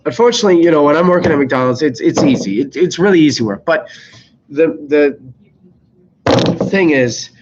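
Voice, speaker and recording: A young man, sick, telling rambling, exasperated stories about his fast-food job on a live stream, swearing constantly. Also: on the high side, animated. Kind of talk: casual live-stream storytelling. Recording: slightly dull lo-fi mic with faint noise.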